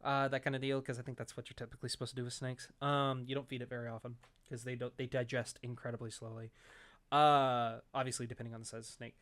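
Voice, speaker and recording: This is a man co-hosting a laid-back podcast chat, with a voice of middling pitch. He tells stories loosely, circling back with fillers and restarts as he goes. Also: flat delivery, fast talker, a bit bright. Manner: rambling storyteller, many fillers and restarts. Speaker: podcast co-host. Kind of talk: casual chat.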